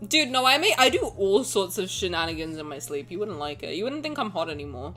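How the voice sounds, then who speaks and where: A woman's voice: medium pitch, big pitch swings, fairly quick, pushed and bright, faint music behind. A young adult woman streamer chatting casually and joking with her viewers, swearing now and then. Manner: joking, swearing, playful banter. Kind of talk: casual livestream chat, reading chat aloud.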